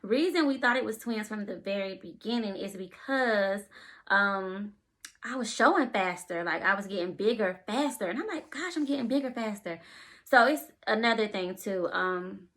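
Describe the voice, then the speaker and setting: A woman telling a personal story in a casual vlog. She is out of breath, animated, and keeps acting out the conversations she is retelling. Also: medium pitch, normal speed. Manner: breathless and animated, often retelling scenes in quotes. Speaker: vlogger and expecting mother.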